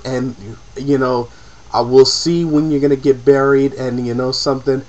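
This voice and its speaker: Fired-up guy ranting at the camera, swearing a lot, mid pitch, kinda dull muffled webcam sound. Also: fairly even intonation, normal speed, a little mellow. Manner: emotional, profane, repetitive. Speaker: vlogger. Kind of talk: impassioned personal rant to camera.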